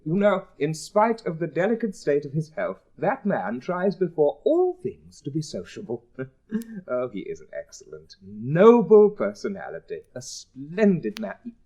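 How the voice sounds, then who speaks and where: An actor playing a cheerful, pompous schoolmaster husband who chatters on with self-satisfaction, in a 1960s recorded stage drama. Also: male voice, on the high side, wildly swooping pitch, measured pace, dark tone, lo-fi sound, heavily acted. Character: fussy, cheerful middle-aged male schoolmaster husband.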